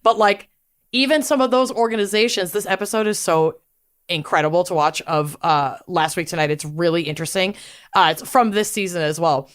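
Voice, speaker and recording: A young adult woman co-hosting a podcast in casual chat, animated and swearing freely. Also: lowish voice, fairly quick. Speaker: podcast co-host.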